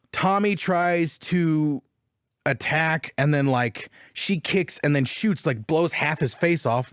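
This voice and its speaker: A man's voice: on the high side, no room sound, clean studio sound. A man on a casual podcast, animatedly retelling a video game story with plenty of swearing and bits of acted-out character lines. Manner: acts out characters with quick voice jumps. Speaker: podcast co-host. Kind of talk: casual chat.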